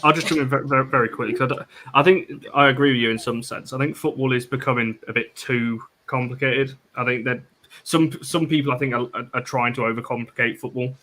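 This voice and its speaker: A man's voice: mid-range voice, steady tone, bright, forceful tone, slight background noise. Analytical man in podcast chat. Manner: measured, analytical. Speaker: podcast co-host. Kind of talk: casual chat.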